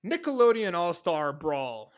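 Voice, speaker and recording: A young adult man co-hosting a casual podcast, talking fast and animated, often cutting in over his co-host. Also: sits high.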